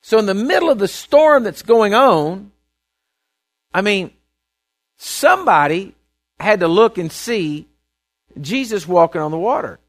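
With a high, slightly bright voice and lively intonation, a pastor preaches at a measured pace, leaving long pauses. He tells the story in an easygoing way, stammering through restarts and often tossing in "right?" and "okay?".

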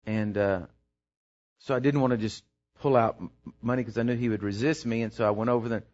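Rambling pastor, lo-fi sound. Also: male voice, medium pitch, fairly quick. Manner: rambling anecdote that builds into emphatic, excited preaching. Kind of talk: sermon storytelling. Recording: dull lo-fi sermon recording.

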